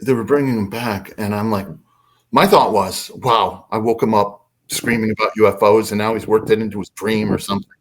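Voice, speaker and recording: A man, a podcast guest, telling a story in a lively way and acting out quotes. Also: fairly quick, slight background noise. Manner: lively, acts out quotes with big pitch swings. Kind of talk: animated storytelling.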